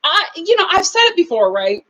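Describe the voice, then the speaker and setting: A woman hosting a live reality TV aftershow, talking in animated commentary and mimicking people in whiny voices. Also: very high-pitched, fairly quick, low-quality recording.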